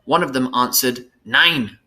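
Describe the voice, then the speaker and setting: A man reading a storybook chapter aloud in a steady, plain manner, sometimes correcting himself. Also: medium pitch, moderate pace. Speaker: reader.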